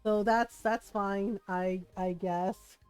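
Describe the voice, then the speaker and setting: A woman's voice: mid-range voice, steady tone, slow pace, darkish tone, smooth, faint music behind. A woman streaming a video game, chatting casually and rambling with frequent giggles. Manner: giggly, laughs often between rambling remarks. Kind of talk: casual chat while playing a video game.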